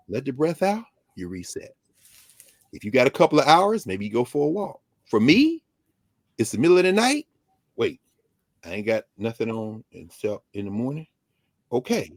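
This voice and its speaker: A man speaking as a guest scholar on a talk show, telling stories in an animated way, acting out quoted exchanges and scattering "you know" through his speech. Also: medium pitch, no room sound. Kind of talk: animated talk-radio commentary.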